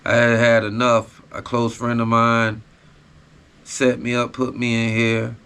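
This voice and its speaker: A man hosts a podcast and tells a hard personal story in blunt, profane street talk. His voice is bright and mid-pitched, and he keeps checking in with the listener as he goes. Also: monotone, unhurried, clean tone. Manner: raw, profane street storytelling with repeated tag phrases. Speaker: podcast host. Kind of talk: casual storytelling.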